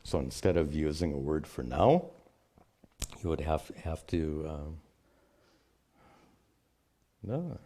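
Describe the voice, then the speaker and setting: A man, a spiritual teacher, answering questions in a measured, explanatory way. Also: rumbling low, very animated, dark tone. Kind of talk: unscripted teaching talk.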